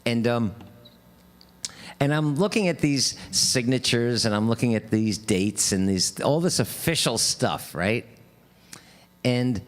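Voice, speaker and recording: A singer-songwriter man chatting casually between songs on a live stream, halting and rambling with many fillers. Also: medium pitch, animated.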